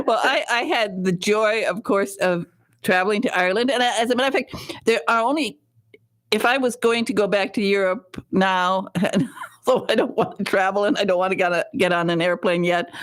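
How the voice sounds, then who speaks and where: A woman's voice: medium pitch, moderate pace. A woman hosting a radio talk show, chatting in an effusive, giggly way and laughing often. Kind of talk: casual interview chat. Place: radio studio.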